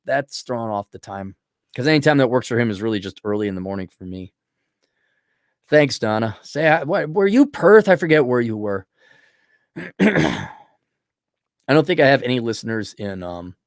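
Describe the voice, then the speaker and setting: A middle-aged man hosting a livestream, reading viewer donations and ranting bluntly with profanity, frequent throat-clearing, and a voice that is giving out. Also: medium pitch, lively intonation, normal speed, long pauses, dry recording, studio quality. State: losing his voice. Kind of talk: blunt opinionated livestream rant.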